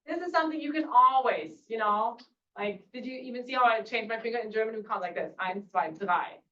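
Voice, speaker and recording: A woman's voice: on the high side, fast talker, pushed and bright, roomy sound, a little hiss or hum. Woman teaching a class from across the room. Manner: patient, repeats words for learners, many fillers. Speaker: German teacher. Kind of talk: teaching a beginner language class. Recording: distant mic, dull lo-fi classroom recording.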